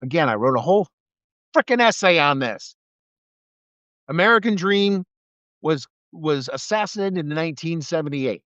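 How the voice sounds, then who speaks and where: A middle-aged man rants with heated, profane sarcasm into a live stream, his voice pitched a little above the usual male range. The sound is dry, with no room around it, and slightly muffled, like a phone or webcam mic. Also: animated, normal speed, long pauses, fairly bright tone, no room sound. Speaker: live video streamer, former military investigator. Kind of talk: angry political rant.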